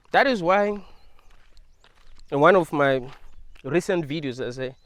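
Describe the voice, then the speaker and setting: A man's voice: a little high, lively intonation, slow, a bit bright, no room sound. A man talking casually to his viewers in a rambling monologue, laughing often and leaning on fillers. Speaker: video creator.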